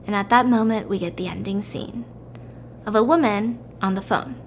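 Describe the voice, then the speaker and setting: A woman's voice: fairly high pitch, brisk, slight background noise. A woman hosting a podcast, casually retelling a film plot and acting out the quotes. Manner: animated, acts out the quotes. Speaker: podcast host.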